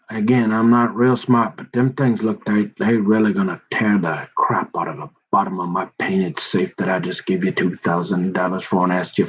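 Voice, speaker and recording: A man's voice: deep voice, lo-fi sound, a little hiss or hum. A man telling a rambling, folksy story in a colloquial manner, meandering and restarting as he complains.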